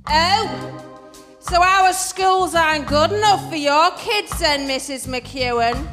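A jeering working-class neighbor, put on by a woman storyteller, sneering and nagging in a raised, higher voice. The sound carries the long reverb of a large hall. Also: takes it slowly, a bit bright, soft background music. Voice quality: mocking, jeering.

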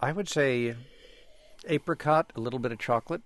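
A man's voice: medium pitch, fairly quick. A man from the US Midwest hosting a studio interview, a polished, good-humoured presenter. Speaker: TV host. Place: broadcast studio.

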